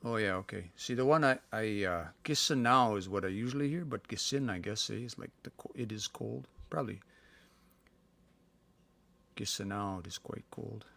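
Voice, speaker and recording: A man giving a casual live-stream language lesson from home. He thinks aloud and sounds out words slowly. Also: fairly low pitch, vocal fry, fairly bright tone, no echo. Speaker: language teacher.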